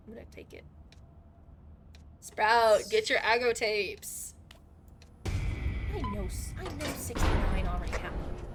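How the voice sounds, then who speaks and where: A young woman live-streaming a video game, chatting to viewers in an excitable way, laughing often and swearing now and then. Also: on the high side, slight background noise. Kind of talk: live gaming stream chat.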